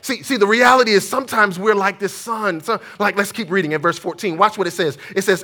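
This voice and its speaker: A preacher man delivers an animated sermon, telling stories and calling for amens. His voice sits high and rings bright and forceful, and he speaks. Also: fairly quick, hardly any pauses. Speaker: pastor.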